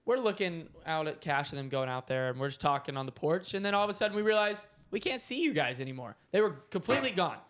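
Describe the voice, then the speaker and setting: A young man casually telling his side of a story as a podcast co-host, relaxed and chatty. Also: a little high, fast, hardly any pauses.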